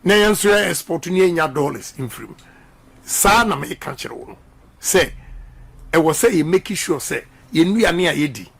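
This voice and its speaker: A man's voice: on the high side, animated, moderate pace, creaky, a bit bright, slight background noise. A middle-aged man with a Ghanaian accent giving an impassioned radio interview as a politician, emphatic and repeating slogans. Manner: emphatic, repeats slogans, mixes English and Twi. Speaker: politician guest.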